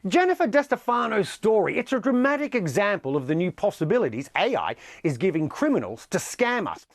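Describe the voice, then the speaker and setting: A man hosting a business news show, presenting with a lively, emphatic delivery. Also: sits high, fairly quick, no room sound, clean studio sound.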